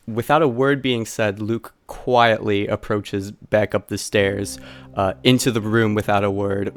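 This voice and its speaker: A man narrating a tabletop game as game master, with a hesitant delivery full of fillers. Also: lowish voice.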